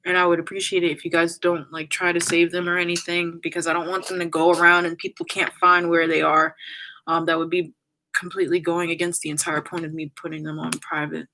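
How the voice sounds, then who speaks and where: Fighting back tears, a young woman reads comments and chats casually on her farewell YouTube livestream, apologizing and rambling with plenty of filler words. Her lowish voice is level and sharp in tone, a little fast, and the recording is low quality.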